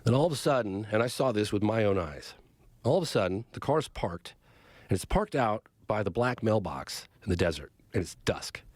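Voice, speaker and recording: A middle-aged man from Northern California, a documentary filmmaker who is a podcast guest, excitedly retelling a story and acting out the quotes. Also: on the low side, normal speed, no echo. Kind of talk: animated storytelling in conversation. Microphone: studio podcast mic.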